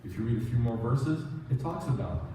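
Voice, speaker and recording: A man giving a conversational sermon as a rabbi, self-deprecating and animated, telling stories with quoted asides. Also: medium pitch, a little fast, slight background noise. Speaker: rabbi teaching a congregation. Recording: echoey hall from far off.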